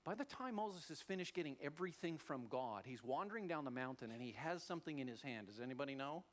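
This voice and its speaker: A man preaching a sermon as a pastor, telling the story in a lively way and acting out the voices. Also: a little high, fast talker. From Australia.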